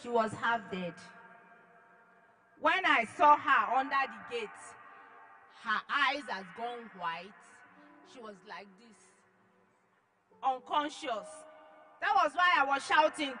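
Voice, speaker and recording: A woman giving an emotional church testimony, dramatic, acting out her own shouts and then dropping to hushed tones. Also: sits high, lively intonation, takes it slowly, long pauses, faint music behind, low-quality recording. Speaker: testimony giver.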